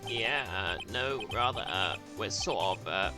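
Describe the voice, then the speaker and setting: A flustered young male lawyer, put on by a woman reading a game aloud, dropping into a low register and stammering hesitantly. Loud music plays behind the voice. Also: animated, a little slow. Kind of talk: game read-along voice acting.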